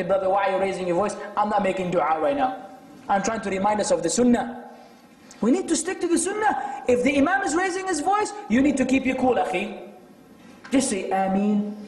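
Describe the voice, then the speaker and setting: A man giving a religious lecture, animated and exhorting, often quoting Arabic texts. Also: extremely high pitch. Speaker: Islamic lecturer. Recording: echoey hall, from far off.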